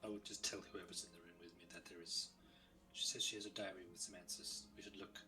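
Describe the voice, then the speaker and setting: A man's voice: sits low, flat delivery, fast, over music. A man taking part as a player in a tabletop game, plainly stating his character's actions. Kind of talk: casual tabletop game chat.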